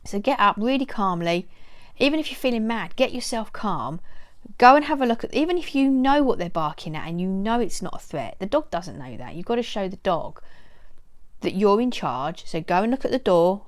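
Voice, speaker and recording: A woman's voice: medium pitch, big pitch swings, moderate pace. A middle-aged woman giving casual advice to camera, earnest and repeating her key points. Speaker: dog owner giving training advice.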